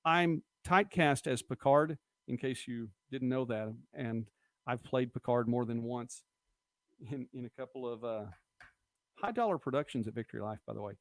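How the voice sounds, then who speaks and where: A man's voice: medium pitch, expressive, normal speed, dry recording. A middle-aged man hosting a casual live-stream, chatting and rambling as he reads viewer comments aloud. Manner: chatty, rambling, quotes movie lines. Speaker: host of a local live-stream show.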